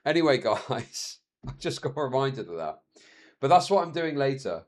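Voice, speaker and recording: A man's voice: mid-range voice, moderate pace. A man in his thirties chatting casually on a live stream, telling stories with frequent laughs and swearing. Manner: chatty, laughs often, swears, animated storytelling.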